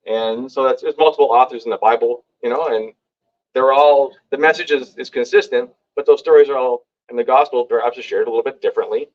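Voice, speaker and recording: Man, lively live-audience storyteller, mid pitch, slightly muffled meeting-room sound. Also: quick pace. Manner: lively, acts out quoted lines with big pitch jumps. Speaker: speaker at a community meeting. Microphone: hand-held microphone.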